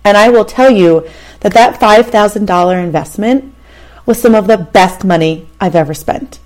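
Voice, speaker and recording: A woman's voice: mid-range voice, normal speed, a little mellow. A woman in her thirties hosting a show, telling a personal story in a candid, conversational way and addressing the listener directly. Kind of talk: casual storytelling monologue.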